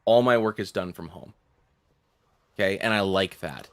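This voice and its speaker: A man's voice: deep voice, normal speed, smooth, no echo. A man streaming a game and chatting casually, rambling and swearing, with frequent laughs and restarts. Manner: rambling, profane, laughs often, many restarts. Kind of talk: casual chat while gaming.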